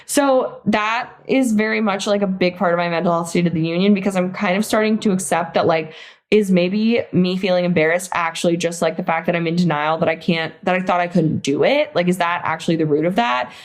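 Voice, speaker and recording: A young woman in her twenties co-hosting a casual chat podcast, rambling and giggly, with lots of upspeak and quotes acted out in high, silly voices. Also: a little fast. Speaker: podcast co-host.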